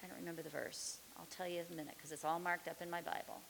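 A middle-aged woman teaching the Bible gives a sermon testimony, her declarations fervent and building. Her lowish voice is level, racing, creaky, and a bit bright, recorded with long reverb and faint hiss.

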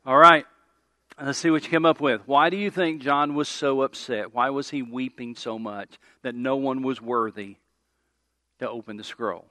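A man preaching a sermon, building to loud emphatic declarations and dropping to quiet asides, putting questions to the congregation. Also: medium pitch, normal speed, no room sound.

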